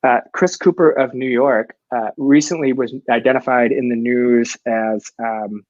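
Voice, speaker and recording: A man's voice: medium pitch, fairly even intonation, measured pace, a little mellow, no room sound. Eager, rambling man on a comics talk show. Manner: enthusiastic, rambling with restarts. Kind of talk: casual chat. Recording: dry, dull lo-fi sound.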